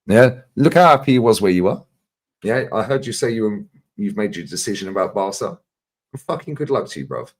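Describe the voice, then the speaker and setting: A man in casual chat, animated, swearing and saying "bro" and "yeah" often. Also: fairly low pitch, fairly quick.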